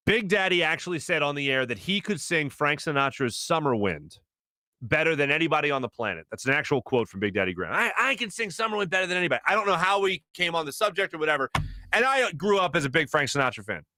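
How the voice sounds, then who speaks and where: Guy hosting a sports talk show, high voice, lively storytelling, dry close mic. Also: no room sound. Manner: animated, laughing as he acts out quotes. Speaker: host. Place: radio studio.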